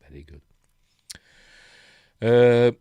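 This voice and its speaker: A Yorkshireman with a mid-range, warm, clean voice speaks very slowly on a dry, muffled recording. He hosts a live stream, chatting casually, reading news articles aloud with a chuckle and tossing in lots of rhetorical tag questions.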